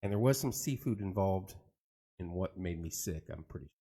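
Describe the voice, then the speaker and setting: A middle-aged man hosts a casual live chat show, speaking at a moderate pace in a low-pitched voice. He jokes and rambles, telling stories with animation and greeting viewers as he goes.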